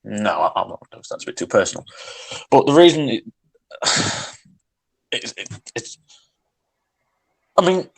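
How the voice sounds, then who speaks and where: A man's voice: medium pitch, big pitch swings, measured pace, vocal fry, long pauses, husky, rough recording. A young man co-hosting a podcast, ranting in casual chat, agitated, with sighs and many restarts. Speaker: podcast co-host.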